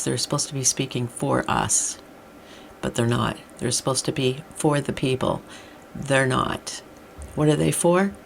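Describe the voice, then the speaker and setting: A middle-aged woman delivers a blunt, exasperated rant with a gravelly, creaky edge to her voice. She speaks at an ordinary mid pitch for a woman. A faint hiss of noise sits under her voice. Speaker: vlogger. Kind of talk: ranting monologue.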